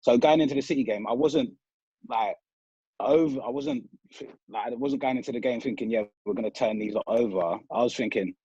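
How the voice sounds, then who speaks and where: A man's voice: medium pitch, a little fast, vocal fry, husky, no echo. Man on a dull lo-fi call. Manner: relaxed, frank, self-correcting. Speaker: podcast guest, football fan. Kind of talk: casual football chat. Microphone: video or phone call. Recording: dull lo-fi call audio, dry.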